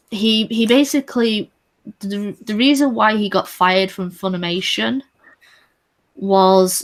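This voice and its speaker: A woman chatting on a livestream, giving firm, opinionated commentary. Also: mid-range voice. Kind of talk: casual chat on a livestream.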